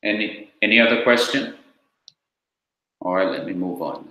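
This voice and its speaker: A man teaching a class, explaining slowly and repeating each point step by step. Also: fairly low pitch, bright, forceful tone, slight background noise. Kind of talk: classroom lecture with questions. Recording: very echoey classroom.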